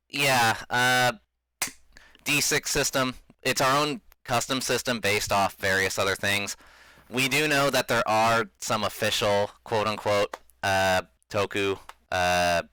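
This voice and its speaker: Chill guy hosting a tabletop game, low voice, bright tone, dry room. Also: smooth, no echo, poor audio. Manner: laid-back, laughs often, many fillers. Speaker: game master and host. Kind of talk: casual chat introducing a tabletop game.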